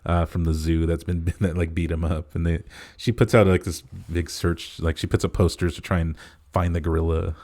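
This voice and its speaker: A man with a low, deep voice chatting casually about a film on a podcast. He wanders through the plot with frequent "uh" pauses, relaxed and unscripted. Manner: rambling plot recap full of "uh" fillers. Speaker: podcast co-host. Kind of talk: casual movie review chat.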